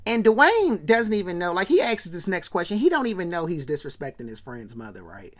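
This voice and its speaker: A woman's voice: lowish voice, very animated, a little fast. A woman giving a chatty, slangy recap of an old sitcom episode, with asides to her viewers. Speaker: vlogger.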